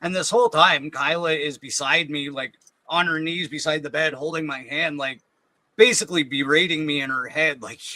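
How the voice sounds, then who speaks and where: Middle-aged man, interview guest; earnest, halting storyteller, very bright tone, dry close sound. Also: a little high, dry recording, rough recording. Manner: earnest, halting, repeats words when emotional. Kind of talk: personal storytelling.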